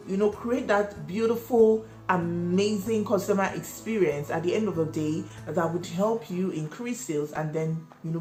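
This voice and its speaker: A woman's voice: fairly low pitch, darkish tone. A woman running a cake business, giving emphatic advice to viewers, repeating key points and asking them questions. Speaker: cake business owner and channel host. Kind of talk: instructional vlog talk. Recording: echoey room with faint music.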